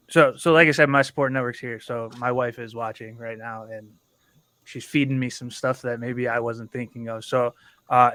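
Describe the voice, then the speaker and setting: A man's voice: mid-range voice, a bit bright, clean tone, dry recording. A man in his thirties, a veteran and father, talking candidly and bluntly on a livestream panel and swearing freely. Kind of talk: casual livestream panel talk.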